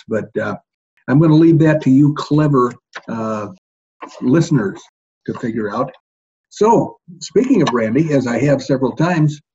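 A man hosting a podcast in casual chat, folksy and rambling, joking along with filler pauses. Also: medium pitch, a little mellow, husky, dull audio. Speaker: podcast host.

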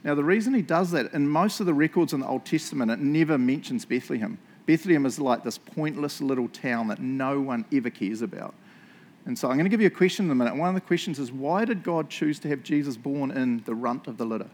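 A man's voice: medium pitch, animated, fast talker, darkish tone. A man with a New Zealand accent preaching a sermon in a church, chatty and joking, often tagging lines with "eh?" and "right?". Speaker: pastor.

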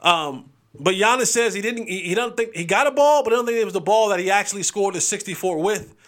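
A young adult man hosting a casual sports podcast, joking, animated and restarting his sentences often. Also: high voice, fast. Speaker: podcast host.

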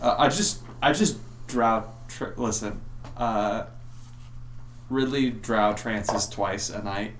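A man's voice: on the low side, takes it slowly, fairly bright tone, a little hiss or hum. A man playing a tabletop game, casual and joking. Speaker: player. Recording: echoey room with faint ambience.

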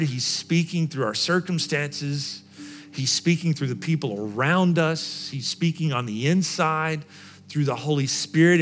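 A man's voice: a little high, slight background noise. A male pastor preaching a sermon, speaking emphatically and repeating phrases for effect.

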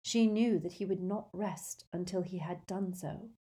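A woman's voice: measured pace, warm tone, close to an everyday voice. A woman voicing a proud, haughty woman ghost who speaks stiffly and disdainfully, in an audiobook reading. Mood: confessing. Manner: disdainful, stiff, low-voiced.

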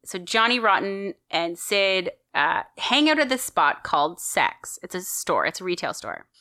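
A woman's voice: fairly low pitch, sing-song, a little slow, bright, forceful tone, dry recording, clean studio sound. A woman co-hosting a podcast, chatting enthusiastically as she tells a story with lots of fillers. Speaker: podcast co-host telling a story. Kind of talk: casual storytelling chat.

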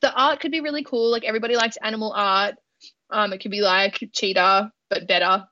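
A woman's voice: medium pitch, fairly even intonation, a little fast, bright, forceful tone, no echo, highs cut off. A woman co-hosting a podcast in casual chat, playful, laughing often and swearing freely. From Australia. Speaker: podcast co-host.

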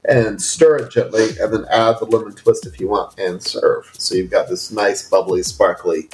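A man's voice: lowish voice, normal speed, slight background noise. Chatty man in a roomy space. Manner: animated storyteller, laughs easily. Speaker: book club podcast co-host. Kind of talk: casual chat. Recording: roomy echo.

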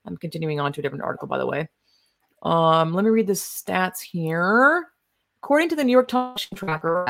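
Blunt, profane woman with a lowish voice. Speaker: political commentary host. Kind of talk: casual reaction commentary.

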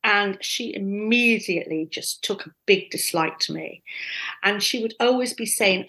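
A woman casually telling animated, self-deprecating stories from her past. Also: mid-range voice, normal speed, low-quality recording. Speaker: guest storyteller.

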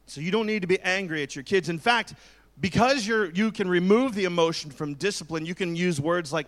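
Male pastor in his forties, fairly high voice, preaches candidly with jokes and asides. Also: brisk, fairly bright tone. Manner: candid, joking, conversational preaching. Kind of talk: sermon.

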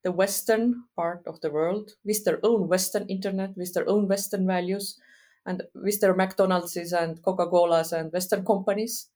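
Middle-aged woman, lowish voice, podcast guest, measured, thinks aloud with pauses. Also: steady tone, darkish tone. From Estonia. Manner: thoughtful, frank, with frequent uh pauses. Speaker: guest policy expert. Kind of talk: podcast interview.

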